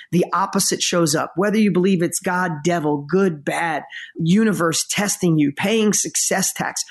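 A man who works as a motivational speaker tells stories as a guest in an interview, talking emphatically in quick bursts and slowing down for emotional moments. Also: fairly high pitch. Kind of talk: conversational storytelling in an interview.

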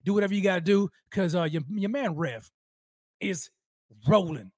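Hyped, high-voiced man hosting a fan show. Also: normal speed, no room sound, clean studio sound. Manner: hyped, rambling, repeats himself; slangy street talk. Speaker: sports show host. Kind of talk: live-streamed fan talk show.

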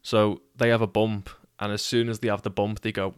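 Wry, foul-mouthed Scouse storyteller. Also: male voice, on the low side, little pitch movement, brisk, hardly any pauses, clear, resonant tone, no echo, clean studio sound. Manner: swearing, wry, rambling anecdote. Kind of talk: casual storytelling.

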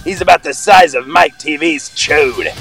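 A man voicing a hyper toy-collector who brags about himself in the third person, shouting and excitable, with crude jokes. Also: a little high, unhurried, gravelly, faint music behind. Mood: excited. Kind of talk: comedy call-in bit.

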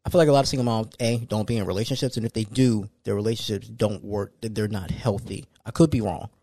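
Dude talking solo on his podcast, kinda low voice, chill but gets worked up. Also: fast talker, no room sound. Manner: casual, conversational, animated when ranting. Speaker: podcast host.

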